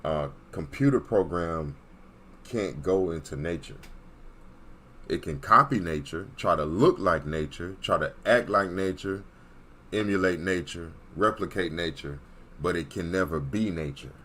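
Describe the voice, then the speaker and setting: A man's voice: deep voice, a little slow, a bit bright, slight background noise. A man giving an emphatic, preachy monologue as an online commentator, repeating points and checking in with his listeners. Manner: emphatic, repetitive, checks in with "Okay?".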